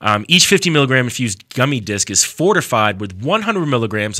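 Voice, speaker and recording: A man's voice: mid-range voice, sing-song, brisk, pushed and bright, no echo, clean studio sound. A male radio host in casual talk, easygoing and a little rambling as he reads sponsor copy.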